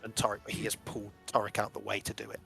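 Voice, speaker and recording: A man's voice: lowish voice, completely flat delivery, racing, creaky, sharp tone. A man narrating a tabletop game as game master, rambling with many restarts. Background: faint music.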